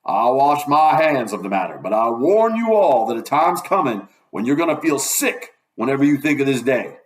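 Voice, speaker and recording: A man voicing an angry, stern older male doctor who speaks in forceful, accusing tones in a storybook reading. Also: medium pitch, big pitch swings, moderate pace, natural voice. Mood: indignant.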